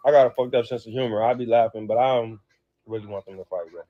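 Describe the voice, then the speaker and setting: A man chats loosely on a livestream, laughing often and cursing freely. His voice sits at a middling pitch. The sound is dull and lo-fi, like a phone stream. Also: fast. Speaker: livestream host reacting to family drama. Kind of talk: casual livestream talk.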